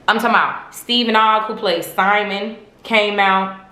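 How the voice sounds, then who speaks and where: A woman hosting a podcast, telling stories in an animated, chatty way full of slang and swearing. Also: medium pitch, a little slow, echoey room. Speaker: podcast host. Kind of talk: casual fan chat.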